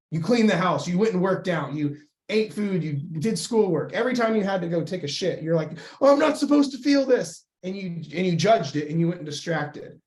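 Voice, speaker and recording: A man coaching on weight loss in a casual, blunt and profane way, with lively acted-out inner voices. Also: fairly high pitch.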